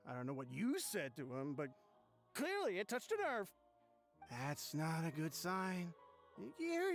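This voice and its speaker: A man's voice: sits high, a bit bright, full character voice. A drunk, jittery young man. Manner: slurred, rambling, jittery. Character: tipsy nervous young man, secretive. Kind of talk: video game voice acting.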